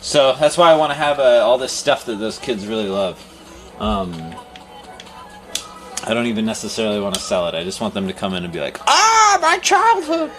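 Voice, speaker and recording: A man's voice: on the low side, a little fast, faint music behind. A man who owns a game store, chatting casually on a livestream and rambling through stories. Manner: rambling storyteller, laughs and animated quoting. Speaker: game store owner and streamer.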